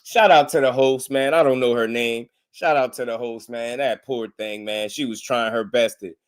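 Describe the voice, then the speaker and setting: A man's voice: medium pitch, normal speed, clean tone. Laughing, slangy man talking boxing. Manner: laughs often, slangy and animated. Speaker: boxing commentator. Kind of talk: casual boxing commentary on a live stream.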